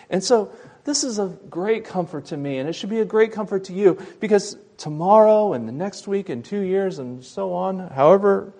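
A man preaching a sermon, retelling a Bible story, loud and emphatic in some passages and quiet and soft in others. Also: high-pitched, lively intonation, moderate pace. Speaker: pastor.

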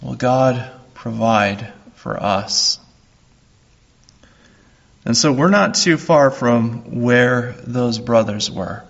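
Slow, earnest husky-voiced preacher man. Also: medium pitch, muffled recording. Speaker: pastor. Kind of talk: sermon.

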